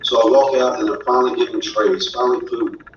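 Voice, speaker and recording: A man's voice: medium pitch, steady tone, fairly quick, noisy background. A man telling his own story as a father, earnest and indignant. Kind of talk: personal storytelling. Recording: roomy, distant, dull audio.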